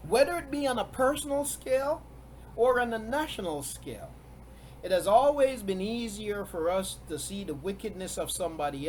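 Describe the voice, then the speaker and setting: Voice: mid-range voice, a little mellow, a little hiss or hum. A preacher giving a sermon, stressing points by repeating key words and often chuckling between them.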